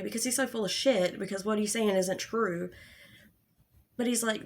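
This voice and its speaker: A woman's voice: mid-range voice, moderate pace. A young adult woman giving an angry, profane commentary rant, exasperated and sarcastic. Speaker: commentary YouTuber.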